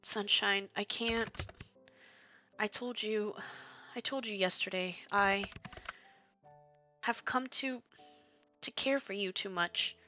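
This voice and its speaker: A woman's voice: mid-range voice, steady tone, slow pace, pauses often, faint music behind. A woman reading as a tender male grim reaper. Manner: soft, tender and reassuring. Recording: slightly dull lo-fi stream audio.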